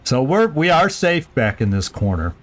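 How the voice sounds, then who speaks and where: A man's voice: mid-range voice, big pitch swings, moderate pace, fairly bright tone. A man casually commenting on his gameplay during a live stream, thinking aloud with playful, goofy asides. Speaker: video game streamer.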